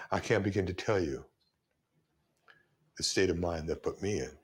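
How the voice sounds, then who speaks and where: A man's voice: deep voice, takes it slowly, fairly bright tone. A man interviewed for a documentary, retelling a memory vividly in the present tense.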